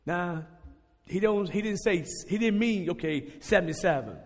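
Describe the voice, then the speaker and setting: Animated preacher man in a reverberant hall. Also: high voice, moderate pace. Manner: animated, conversational, laughs and shouts at peaks. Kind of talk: sermon.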